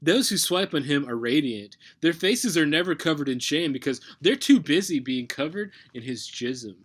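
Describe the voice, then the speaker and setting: A man's voice: fairly high pitch, expressive, normal speed. A man playing a smug, laid-back male deity who works as a pickup artist, talking with lots of fillers and mumbles. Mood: mock-preachy. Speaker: comedy performer. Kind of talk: comedic reading.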